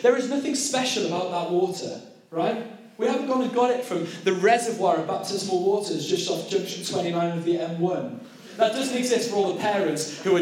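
A man preaches in a church, his voice sitting a little high for a man. He tells his story earnestly and leans on repeated phrases, and the room rings around him with plenty of echo. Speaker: preacher and prison youth worker. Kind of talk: sermon.

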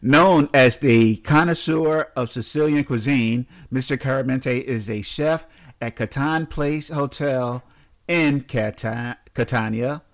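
A man's voice: mid-range voice, slow. A man co-hosting a casual podcast, reading odd news stories aloud with blunt, teasing remarks and frequent laughter. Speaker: podcast co-host.

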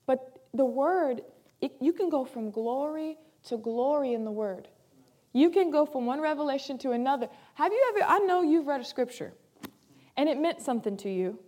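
High-voiced woman pastor preaching. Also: expressive, moderate pace. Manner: emphatic preaching, repeats key phrases, swings between loud and soft. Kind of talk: sermon.

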